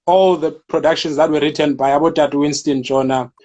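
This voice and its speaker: A man's voice: a little high, fairly even intonation, fairly quick, darkish tone. A man hosting an interview, mostly giving short affirming replies. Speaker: interview host. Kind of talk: casual chat.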